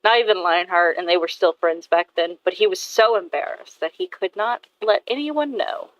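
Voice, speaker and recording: An artist vlogger chats casually while drawing, rambling about her characters and swearing now and then. Her voice is lowish and moderately paced, and the audio sounds dull.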